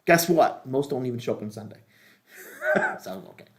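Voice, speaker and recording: A man's voice: mid-range voice, animated, normal speed, fairly bright tone. A middle-aged man, a pastor, teaching a leadership class in a casual, rambling, joking way with many restarts.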